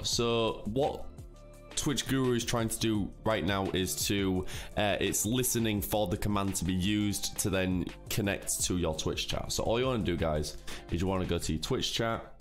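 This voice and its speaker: Chatty man walking through a tutorial. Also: on the low side. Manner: chatty, often says "guys", filler-heavy. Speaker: streamer. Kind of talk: casual screen-recorded tutorial.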